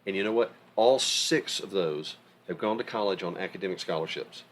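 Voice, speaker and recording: A middle-aged podcast co-host with a deep voice tells stories in an animated, emphatic way during casual conversation. He talks a little fast, and there's slight hiss or hum on the recording.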